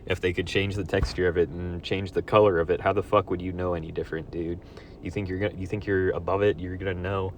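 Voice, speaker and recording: A young man with a lowish voice rants at his audience in a foul-mouthed monologue, swearing constantly. He swings from sarcastic shouting to low mutters. A faint hiss of noise sits underneath. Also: little pitch movement, brisk. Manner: angry, sarcastic, swears constantly, jumps between loud outbursts and mutters. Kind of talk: profane ranting monologue.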